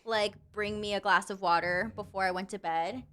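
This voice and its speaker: A woman's voice: medium pitch, steady tone, moderate pace, fairly bright tone. A young woman, a streamer, chatting as a podcast guest in a bubbly, talkative way, often saying "like". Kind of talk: casual podcast chat.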